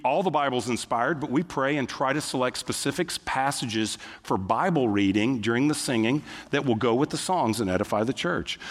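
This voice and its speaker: A middle-aged man preaches from the pulpit, talking to the congregation in a chatty, animated way and slipping into voiced quotes of what people say. His pitch rises and falls a great deal. The sound carries the long reverb of a big church sanctuary. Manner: conversational, lively preaching with acted-out quotes. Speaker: pastor. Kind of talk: sermon.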